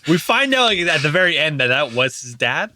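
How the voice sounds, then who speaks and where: A man's voice: fairly high pitch, very animated, a little fast, sharp tone, no room sound. A man co-hosting a movie podcast, casual and questioning, saying "like" often. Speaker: podcast co-host.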